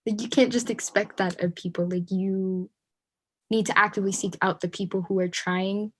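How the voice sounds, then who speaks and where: A woman's voice: mid-range voice, steady tone, normal speed. Young woman, youth panelist, emphatic, lots of "like", video call. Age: young adult. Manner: emphatic, many "like" fillers. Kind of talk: casual discussion.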